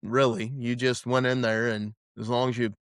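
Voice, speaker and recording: Male podcast host, rambling and profane, smooth resonant voice, dry close sound. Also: mid-range voice, little pitch movement, normal speed, no room sound. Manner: rambling, profane, restarts a lot. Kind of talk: casual storytelling chat.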